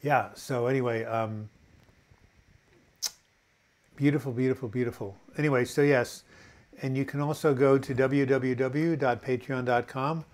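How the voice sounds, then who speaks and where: A man's voice: mid-range voice, fairly even intonation, measured pace, pauses often, darkish tone. Rambling, earnest man hosting a live chat. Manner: rambling, reads viewer comments aloud, frequent fillers and restarts; encouraging, earnest. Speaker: live-chat host answering viewer questions. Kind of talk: casual unscripted live chat.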